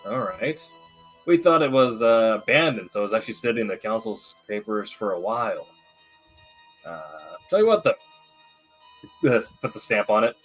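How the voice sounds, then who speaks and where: A man voicing a relaxed, easygoing vampire baron who talks like a pleased boss, with halting fillers. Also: on the low side, faint music behind. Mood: laid-back.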